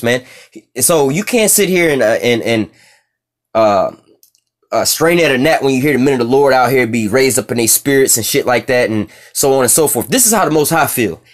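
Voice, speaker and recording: A man delivers a fiery sermon at a brisk, rapid clip, reading scripture and then riffing on it. His talk is coarse and profane, full of repeated checks like "you see what I'm saying". His pitch sits in an ordinary middle range. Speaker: preacher.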